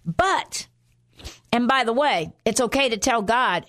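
Woman preaching, kinda high voice, earnest, keeps repeating stuff for emphasis. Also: lively intonation, takes it slowly, fairly bright tone. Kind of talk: sermon.

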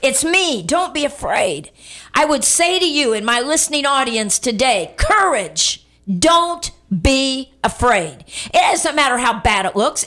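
A woman's voice: sits high, bright, forceful tone. A middle-aged woman preaching a radio sermon, telling a story and repeating lines for emphasis, calling on listeners to respond.

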